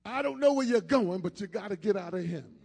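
Male preacher, high husky voice, rising to shouts, long church-hall reverb. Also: expressive, brisk. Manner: call-and-response, builds from quiet to shouting. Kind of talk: sermon.

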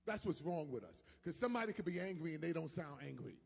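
High-voiced preacher in a reverberant hall. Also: male voice, animated, fast talker, vocal fry, husky. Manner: preaching with sudden shouted peaks and soft asides. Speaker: pastor. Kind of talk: sermon.

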